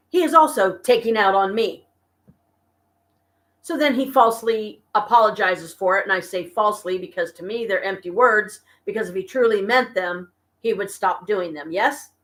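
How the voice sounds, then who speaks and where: A worn-out woman talks to her viewers from her apartment in a casual live stream. She vents slowly and haltingly, with pauses and restarts. Her voice sits at an ordinary middle pitch. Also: fairly bright tone. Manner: weary, venting, slow and halting. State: exhausted and stressed. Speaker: vlogger talking to viewers. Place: home apartment.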